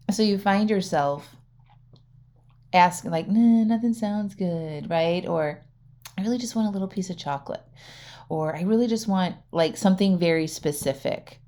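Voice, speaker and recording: A woman's voice: medium pitch, expressive, takes it slowly, long pauses, dark tone. A woman hosting her own podcast as a coach, talking casually and directly to listeners, often checking in with "right?" and laughing lightly. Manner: chatty, frequent "right?" and "okay?", laughs often. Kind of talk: casual solo podcast talk.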